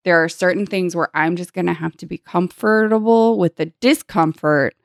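A woman's voice: lowish voice, steady tone, moderate pace, gravelly, dry recording, clean studio sound. A young woman co-hosting a podcast in casual chat, adding wry asides and joking agreement. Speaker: podcast co-host.

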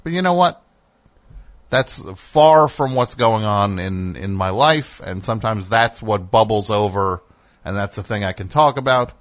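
In a radio studio, a man hosts a call-in show, speaking candidly and rambling at a measured pace. His delivery is expressive; he breaks off his own sentences and his pitch jumps when he gets worked up.

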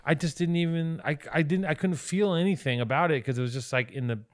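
A man's voice: a little high, fast. A man co-hosting a podcast in casual chat, profane and joking. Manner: profane, joking, puts on silly voices. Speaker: podcast co-host. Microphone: studio microphone.

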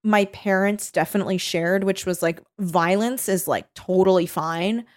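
A woman's voice: medium pitch, normal speed, a little mellow. A woman co-hosting a podcast, chatting casually, swearing freely and trailing off mid-sentence. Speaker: podcast co-host. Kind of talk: casual chat.

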